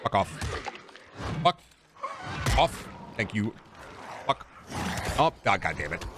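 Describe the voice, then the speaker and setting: A man streaming a game, chatting casually with viewers in animated, profane bursts. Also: fairly low pitch, takes it slowly, background noise. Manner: animated, swearing, mock-scolding outbursts. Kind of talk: casual gameplay commentary.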